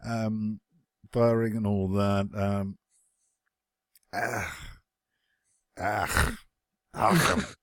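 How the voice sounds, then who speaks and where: Sardonic, lower-voiced podcast guy. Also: level tone, extremely slow, long pauses, fairly bright tone, no echo, studio quality. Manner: sardonic, profane, mock-grumpy asides. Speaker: podcast co-host reviewing games. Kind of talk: casual chat.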